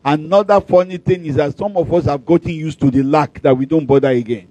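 High-voiced pastor preaching. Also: male voice, brisk, dark tone, poor audio. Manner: emphatic, repeats declarations with rising force; humorous storytelling. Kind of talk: preaching a sermon at a convention.

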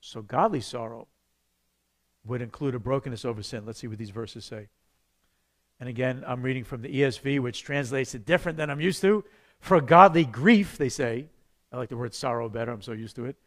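A man, a pastor, teaching a church evangelism class in a conversational, animated way, acting out the voices he quotes. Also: mid-range voice, fairly quick.

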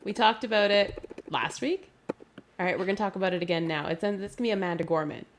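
A woman co-hosting a podcast, chatting casually about politics and sport. She talks in an animated, sweary way and laughs often. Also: medium pitch, quick pace, slight background noise. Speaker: podcast co-host. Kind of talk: casual chat.

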